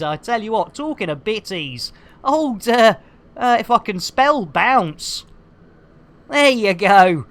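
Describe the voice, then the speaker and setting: A woman's voice: medium pitch, very animated, takes it slowly. Jokey woman bantering with her stream chat. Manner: jokey, bubbly, full of silly rhyming catchphrases and innuendo. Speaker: game streamer.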